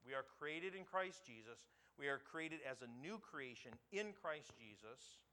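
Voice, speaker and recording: Male pastor preaching, bright tense voice. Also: mid-range voice, a little slow. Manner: swells from calm teaching to loud emphatic preaching; repeats words for emphasis, asks the congregation questions. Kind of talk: sermon.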